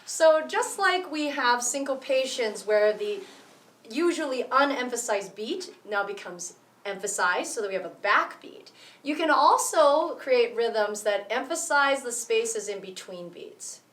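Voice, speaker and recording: Heard from some distance in an echoey room, this woman leads a rhythm tutorial, explaining one step at a time and counting beats aloud. Her voice sits on the high side, expressive and unhurried, with a fairly bright tone.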